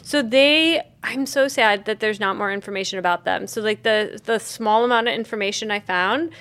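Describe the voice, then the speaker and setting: A woman with a medium-pitched, fairly bright voice speaks at a moderate pace. Co-hosting a podcast, she presents a researched story as casual chat, rambling and using lots of fillers.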